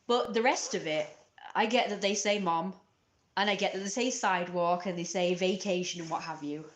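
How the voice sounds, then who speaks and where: A woman's voice: on the low side, normal speed. Exasperated British woman ranting. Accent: British English. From Britain. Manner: passionate, exasperated, blunt. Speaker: YouTuber. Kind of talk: casual rant to camera.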